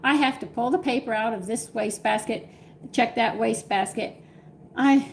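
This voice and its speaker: An older Texas woman hosts a home cooking live stream, her fairly high voice moving at a normal speed with long pauses and a bit of background noise. She chats casually with viewers, laughing through exasperated stories from home.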